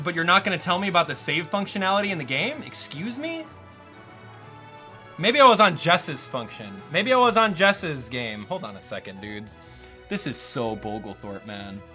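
Young male game streamer, higher pitched, animated, erupts into shouts of disbelief. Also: normal speed, faint music behind. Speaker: gaming YouTuber. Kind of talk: live-stream gameplay commentary.

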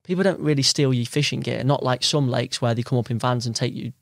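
A man's voice: medium pitch, fairly even intonation, fast talker, vocal fry, no room sound, studio quality. A young man, chatting casually as a podcast guest and telling stories with quoted voices. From London. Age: young adult. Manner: easygoing storyteller who acts out quoted people. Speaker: guest angler.

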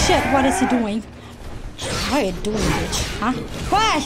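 Very high-pitched excitable woman streamer. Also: measured pace, long pauses, loud music behind the voice. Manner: excitable, shouting and swearing. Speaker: game streamer. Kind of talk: live gameplay reaction.

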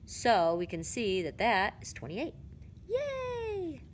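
A woman's voice: on the low side, a little slow, slight background noise. Woman, casual math lesson, chatty, thinking aloud, self-correcting. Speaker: math explainer.

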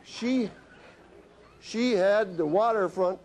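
A man's voice: high-pitched, takes it slowly, a little mellow. A middle-aged man, a physician, telling humorous stories from his practice in a health talk, acting out his patients' lines. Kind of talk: storytelling health lecture.

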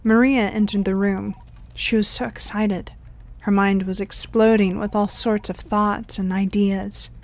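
A woman's voice: medium pitch, steady tone, a little slow, no echo. A woman narrating an audio story, reading the dialogue in lightly varied voices.

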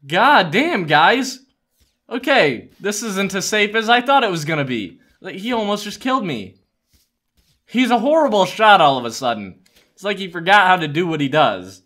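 A man giving let's-play commentary on a game, excitable, yelling and laughing at the action. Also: fairly high pitch. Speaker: gaming YouTuber.

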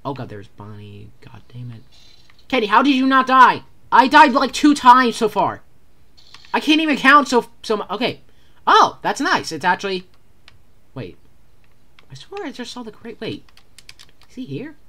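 Jumpy gameplay commentator: lively, swooping delivery, bright tone, stammers and repeats words when scared. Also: mid-range voice, moderate pace, long pauses. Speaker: gamer playing a horror game.

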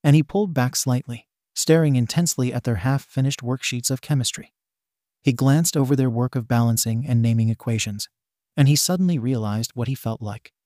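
Male narrator for read-aloud fan fiction, steady delivery, mid-range voice. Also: medium pitch, brisk, no room sound, studio quality.

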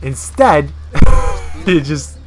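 A man's voice: fairly high pitch, lively intonation, very slow, music in the background, a crowd in the background. A man casually commentating a video game, talking in a rambling, crude, profane way. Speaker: gameplay commentator.

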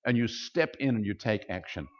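A man preaching a sermon as pastor, explaining scripture and acting out quoted speech with big jumps in pitch. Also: moderate pace. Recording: dull lo-fi sound.

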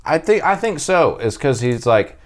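A man's voice: mid-range voice, sing-song, moderate pace. A man, a stand-up comic guest, telling loose, rambling anecdotes full of fillers in a casual chat.

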